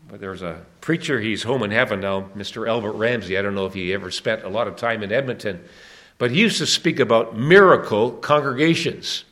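A man's voice: fairly low pitch, fairly quick, fairly bright tone. Earnest preacher man. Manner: earnest, with rising emphatic questions. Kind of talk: evangelistic sermon.

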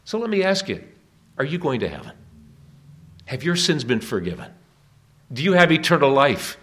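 A man's voice: fairly high pitch, sing-song, moderate pace, long pauses, a bit bright. A man preaching an evangelistic sermon at a church meeting, earnest and urging, with emphatic questions to the listeners.

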